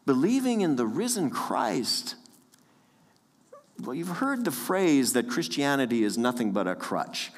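Male pastor, earnest sermon delivery, slow, long church reverb. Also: mid-range voice, very animated. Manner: earnest, with light chuckles and repeated phrases. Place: church sanctuary.

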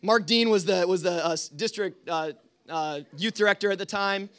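A young man tells stories to a youth group in a loose, rambling style, full of "like" and "um". His voice sits high and sounds bright and sharp. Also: normal speed. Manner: casual, rambling, full of fillers. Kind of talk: storytelling talk to a youth group.

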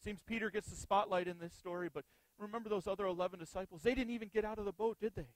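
A man's voice: sits high, fairly even intonation, very fast, no room sound, rough recording. A male pastor preaching an earnest sermon, often putting rhetorical questions to the congregation.

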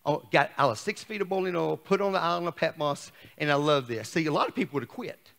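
A man in middle age preaching a sermon as pastor, shouting at times and dropping to a hush. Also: fairly high pitch, expressive, fast, vocal fry. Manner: shouts and swings between loud and hushed. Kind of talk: fiery sermon. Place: church sanctuary. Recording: long church reverb.

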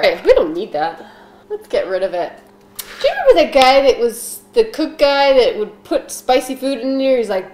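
A woman's voice: on the high side, animated, moderate pace, darkish tone, roomy sound, slight background noise. A young woman hosting a home baking vlog in her kitchen, joking and rambling between steps. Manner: silly, rambling, jokey asides. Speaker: host of a home baking show.

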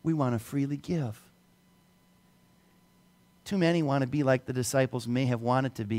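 A middle-aged man preaching a sermon as pastor, swinging between soft, low passages and loud, raised emphasis. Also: fairly even intonation, normal speed, pauses often.

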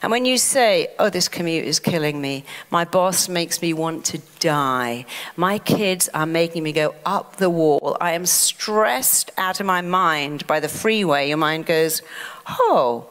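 English woman giving an animated self-help talk. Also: lowish voice, measured pace, clean tone, long reverb tail. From England. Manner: animated, acts out the mind talking back. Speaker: therapist and self-help speaker. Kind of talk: motivational talk.

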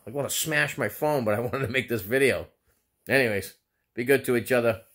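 A man's voice: mid-range voice, a little fast, a bit bright. A man with a Boston accent telling a storytime rant on video, exasperated, sarcastic and swearing constantly. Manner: exasperated, heavily profane, sarcastic. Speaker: vlogger. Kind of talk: ranting storytime monologue.

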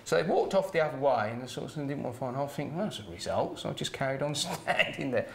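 A middle-aged man tells casual anecdotes. His voice is gravelly and sits at a medium pitch. He keeps checking in with "right?" and chuckles as he goes. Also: animated, fast. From Kent, England. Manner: chatty, with "right?" tags and chuckles. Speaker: former doorman.

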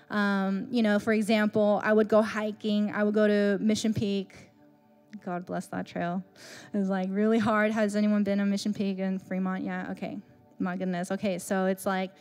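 A young woman pastor preaching a sermon in a chatty, animated storytelling way, with many fillers. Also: a little high.

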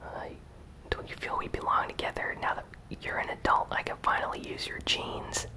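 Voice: normal speed, close to an everyday voice, low-quality recording. A whisperer reading aloud a clingy, moody young alien woman from a game, in whispered role-play. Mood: cooing. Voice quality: soft unvoiced whisper.

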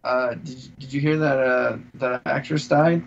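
A podcast co-host with a gravelly, mid-pitched voice delivers dad jokes and school stories in a dry, slightly hesitant way. The audio is a little dull, with faint hiss behind him. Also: male voice, steady tone, moderate pace. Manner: dry joke teller, slightly hesitant, with fillers. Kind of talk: casual chat, telling jokes.

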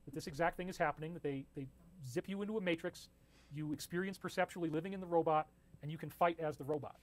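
A man's voice: on the high side, quick pace. A man reading his old writing aloud to an audience and commenting on it in an earnest, storytelling way.

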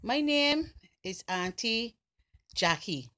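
Barbadian lady, slow deliberate casual chat, kinda high voice. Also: big pitch swings, pushed and bright. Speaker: vlogger. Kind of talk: casual accent challenge talk.

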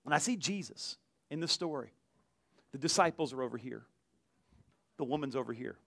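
A male pastor preaching an animated sermon, acting out voices from the story. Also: mid-range voice, normal speed, gravelly, dry recording, studio quality.

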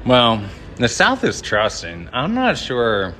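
He strolls slowly through a large hotel's interior, talking to his livestream viewers in a rambling, joking, loose manner. Picked up by a handheld phone amid a faint hum, his mid-range voice is bright and forward, its pitch swooping wildly.

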